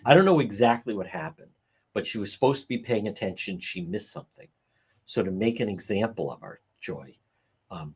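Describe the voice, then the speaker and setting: A middle-aged man hosting a casual livestream, answering chat comments in a sarcastic, wry way and chuckling now and then. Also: slightly rough. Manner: sarcastic, wry, chuckling, animated swings in pitch. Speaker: livestream host.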